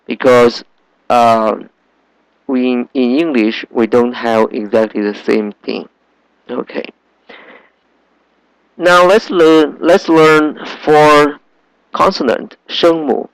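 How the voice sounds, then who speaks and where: A man gives a slow, careful language lesson. He speaks at an unhurried pace and patiently repeats each sound for his learners. His voice sits in a middle pitch and is recorded dry and close. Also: creaky, smooth, no room sound, low-quality recording. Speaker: Chinese language teacher.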